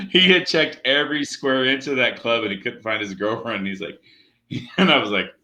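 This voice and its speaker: A man's voice: medium pitch, normal speed, sharp tone. A man hosting a comedy show over a video call, chatting loosely, laughing and swearing casually.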